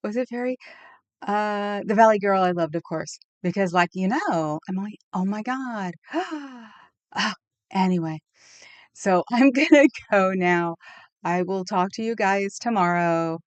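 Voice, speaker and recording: A woman's voice: mid-range voice, expressive, measured pace, clean tone, no room sound. A woman live streamer chatting casually with her viewers in a rambling way, laughing often and reacting to the chat.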